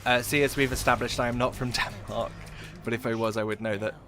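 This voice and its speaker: A man's voice: mid-range voice, steady tone, a little fast, pushed and bright, slight background noise. A young British man from England, live-streaming a game and chatting jokily with his viewers. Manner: chatty, jokey, reads and answers chat. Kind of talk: casual live-stream chat while gaming.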